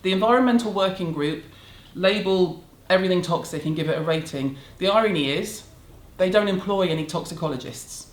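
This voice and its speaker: A little fast and with few pauses, a middle-aged woman with a British accent delivers a blunt, sarcastic rant to camera for her casual beauty vlog. Her voice is on the low side, and the room in her city home gives the audio a roomy echo.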